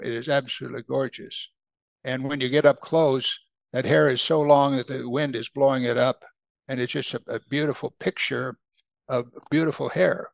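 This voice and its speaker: A man preaching a conversational sermon who grows animated when he quotes scripture. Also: medium pitch, gravelly, dry recording. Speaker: pastor.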